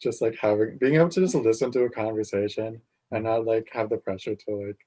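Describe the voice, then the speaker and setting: Young male guest, lowish voice, laid-back and hesitant. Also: a little fast, low-quality recording. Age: young adult. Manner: relaxed, hesitant, often trails off quietly. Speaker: podcast guest. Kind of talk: casual podcast chat.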